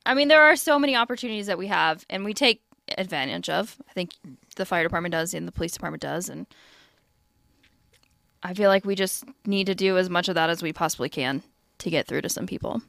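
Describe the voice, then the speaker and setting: A woman's voice: fairly low pitch, a little fast, gravelly, a bit bright, dry recording, studio quality. A woman who is a police officer, a guest on a podcast, talking in an earnest, casual way. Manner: earnest, laughs easily. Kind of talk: casual chat.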